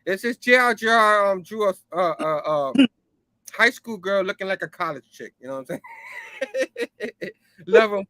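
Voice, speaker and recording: A man's voice: high voice, sing-song, unhurried, pauses often, sharp tone, dry recording. A man hosting a casual comic book review, retelling the story loosely, laughing often and dropping "you know what I mean" between lines. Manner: loosely acts out characters' lines. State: hot and sipping a drink. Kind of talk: casual comic recap, paraphrasing dialogue.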